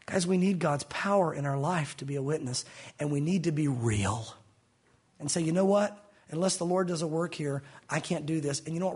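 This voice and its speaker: A man preaching a sermon in an animated way, acting out biblical dialogue in different voices. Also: sits high, husky. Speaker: pastor.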